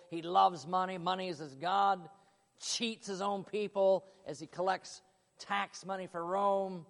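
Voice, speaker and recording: A man's voice: fairly high pitch, big-room sound. A man preaching a sermon in an emphatic, dramatic way.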